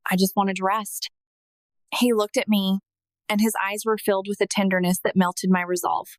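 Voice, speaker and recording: A woman narrating a scripted first-person testimony in a slow, emotional, earnest manner. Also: mid-range voice, flat delivery, dry recording.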